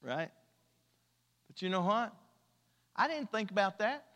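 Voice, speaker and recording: A man's voice: high-pitched, big pitch swings, measured pace, a bit bright. A man preaching a sermon at a church service, drawing out emphatic repeated lines and mixing in humor. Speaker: pastor. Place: church sanctuary. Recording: church hall reverb.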